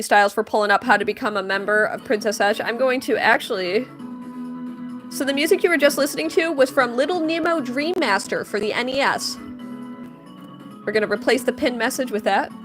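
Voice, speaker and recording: A young woman with a high-pitched, slightly bright voice draws on a live stream and chats casually with her audience. She's playful throughout, answering questions and teasing the people in her chat.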